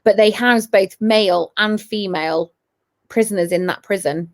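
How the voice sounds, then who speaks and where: A woman's voice: medium pitch, moderate pace. A woman paranormal investigator telling her story in casual chat, eager and full of restarts. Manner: eager, restarts and repeats phrases.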